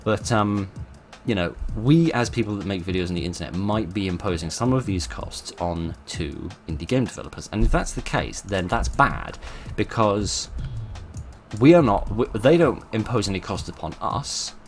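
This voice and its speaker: A man's voice: on the low side, expressive, moderate pace, soft background music. A man hosting his channel, talking informally and thoughtfully, with many fillers and restarts. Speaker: channel host.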